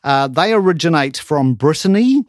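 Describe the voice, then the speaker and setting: Chatty New man, fairly high voice. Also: expressive, normal speed, no room sound, studio quality. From New Zealand. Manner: chatty, laughs often. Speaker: co-host. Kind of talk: casual chat.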